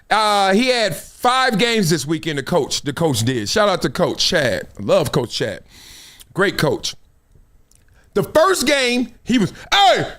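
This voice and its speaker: A man's voice: high voice, fairly bright tone. A man hosting a live sports show, talking in a casual, slangy, joking way and laughing often. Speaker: host.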